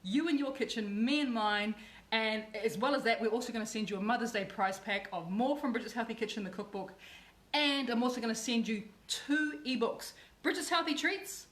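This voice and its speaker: A woman's voice: a little high, brisk, a bit bright. A woman hosting a chatty livestream cooking demo, bubbly and effusive, often repeating herself. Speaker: cooking show host.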